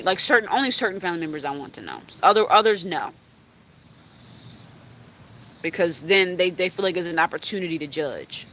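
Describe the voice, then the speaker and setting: A woman's voice: on the low side, pushed and bright, slight background noise. A young woman YouTuber venting bluntly to her live stream chat, cussing freely.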